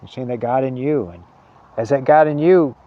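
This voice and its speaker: A man giving an earnest spiritual talk, halting often and repeating words as he searches for them. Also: mid-range voice, phone-quality sound. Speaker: spiritual teacher.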